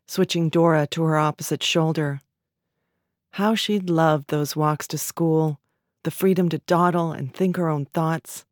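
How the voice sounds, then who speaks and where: A woman narrating literary fiction in a measured, even storytelling manner. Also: sits low, dry recording, clean studio sound.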